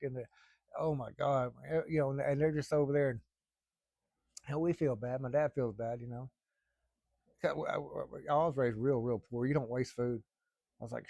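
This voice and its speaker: A middle-aged man spins a rambling family yarn, peppering it with salty words. His voice is gravelly with a bit of fry, and it sounds close and dry, with no room behind it. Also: medium pitch, fairly even intonation, brisk, mellow, no echo. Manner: rambling, folksy, salty language. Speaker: storyteller. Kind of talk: casual spoken storytelling.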